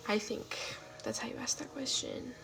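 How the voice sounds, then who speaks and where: Young californian woman, early twenties, casual live chat, gravelly fry, trails off into whispers. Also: on the high side, fairly even intonation, normal speed, fairly bright tone, faint music behind. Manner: chatty, reactive, frequent fillers and trailing whispers. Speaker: livestreamer.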